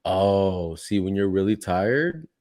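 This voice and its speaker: A man's voice: sits low, expressive, takes it slowly, a little mellow. A man in his thirties co-hosting a podcast, casual and laid-back, swearing often and laughing a lot. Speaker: podcast co-host. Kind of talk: casual chat.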